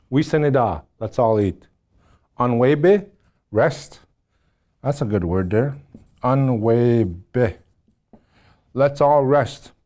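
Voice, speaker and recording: A man's voice: on the low side, mellow. A middle-aged man teaching a language class, patiently repeating words and spelling them out.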